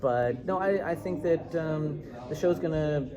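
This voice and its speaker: A middle-aged man, a showrunner, answering press questions with dry jokes and halting restarts. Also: a little high. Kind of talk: press interview. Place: busy convention press room. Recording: crowded convention room noise. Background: crowd chatter.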